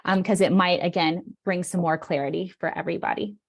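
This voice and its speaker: A woman's voice: fairly low pitch, fairly quick, dull audio. Woman walking folks thru a presentation on a video call, lots of um and right?, upbeat. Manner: energetic, explanatory, frequent "um" and "right?". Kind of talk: online presentation.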